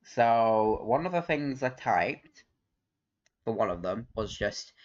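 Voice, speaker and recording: Over dull lo-fi stream audio, a livestream host chats casually and rambles, often laughing and cursing without restraint. His voice is lowish, his intonation lively, and his pace slow.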